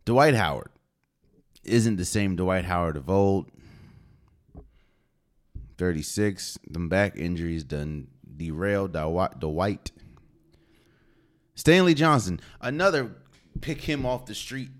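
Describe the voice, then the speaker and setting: A man's voice: sits low, animated, slow, pauses often. A man hosting a solo sports podcast, talking casually and opinionated, with slang and rhetorical questions. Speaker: podcast host.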